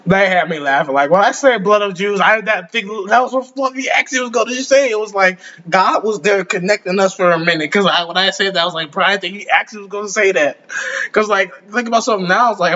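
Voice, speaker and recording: A man's voice: high voice, quick pace, few pauses, bright, forceful tone, dull audio. A man hosting a reaction video, talking casually with slang, swearing and rambling between laughs.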